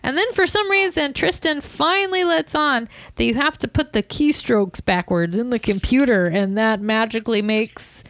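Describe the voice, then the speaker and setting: A woman's voice: fairly high pitch, moderate pace, few pauses, fairly bright tone, dry recording. A woman co-hosting a podcast, chatting casually about a movie, laughing often and mocking the plot. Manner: laughing, mocking, acts out quotes. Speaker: podcast co-host. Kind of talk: casual movie review chat.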